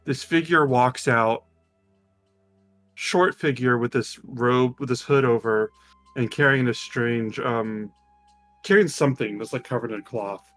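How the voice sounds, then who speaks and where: A man running a tabletop game as game master, narrating loosely with many ums and pauses. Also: mid-range voice, fairly bright tone, faint music behind. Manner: loose, hesitant, lots of ums.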